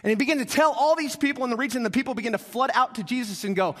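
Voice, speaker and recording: A man's voice: very high-pitched, racing. A man preaching a sermon, telling a story with acted-out voices and calls to the congregation. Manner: animated, acts out quoted voices, asks the congregation. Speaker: pastor. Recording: long reverb of a large hall.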